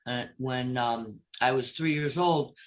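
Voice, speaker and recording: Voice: medium pitch, slow pace, poor audio. A guest from upstate New York with a Brooklyn accent, telling a long story in casual chat with many fillers.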